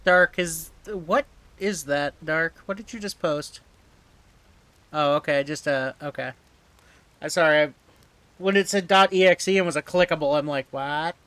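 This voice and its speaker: A man streaming a game live, talking slowly and offhandedly with his viewers. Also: on the high side, a bit bright, clean tone. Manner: slow, offhand, chatting with viewers. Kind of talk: live gameplay commentary.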